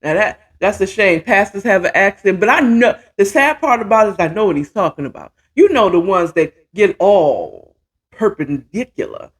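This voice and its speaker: A woman's voice: medium pitch, very animated, moderate pace. A woman hosting a casual commentary chat from home, opinionated and rambling, with restarts and asides. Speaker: host. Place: home, at a computer.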